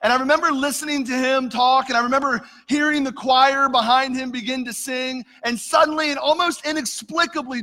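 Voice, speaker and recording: A man's voice: very high-pitched, steady tone, fairly quick, hardly any pauses, bright, forceful tone. A middle-aged man preaching a sermon, telling a personal story earnestly and addressing the congregation as "church". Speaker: pastor. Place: church sanctuary. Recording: long reverb of a church hall.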